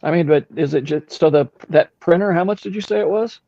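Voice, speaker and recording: A curious man in casual chat who keeps asking questions and swears lightly. His voice sits a bit high and sounds dull and lo-fi, with no room echo at all. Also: a little fast, dark tone.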